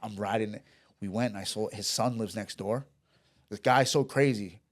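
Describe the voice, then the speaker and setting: A man's voice: lowish voice, normal speed. A man telling a story in a casual chat, rambling and profane, with restarts and acted-out dialogue. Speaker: podcast guest.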